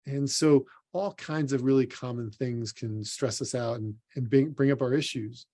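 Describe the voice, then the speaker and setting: A man's voice: medium pitch, fairly even intonation, normal speed, mellow. A man, a sports psychologist, giving an earnest motivational conference talk and speaking straight to the listener. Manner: earnest, direct, addresses the listener as "you". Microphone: recorded for an online symposium.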